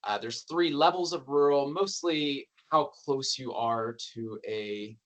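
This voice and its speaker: A man presents findings from an education research report at an academic forum. His voice sits at an ordinary middle pitch, and his delivery is relaxed and conversational, with the odd dry aside. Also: unhurried.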